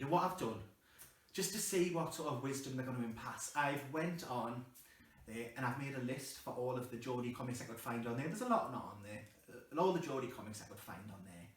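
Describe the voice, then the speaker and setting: A man's voice: medium pitch, expressive, fast, breathy edge. A man with a South Tyneside accent doing a stand-up set at home, dry and sweary with rambling asides. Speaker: stand-up comedian. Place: his house. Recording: roomy room, mic at a distance.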